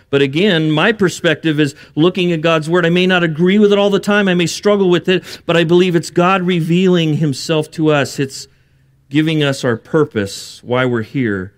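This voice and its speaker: A man's voice: fairly high pitch, moderate pace. A man preaching a sermon, earnest and building to emphatic bursts, with joking asides. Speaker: pastor.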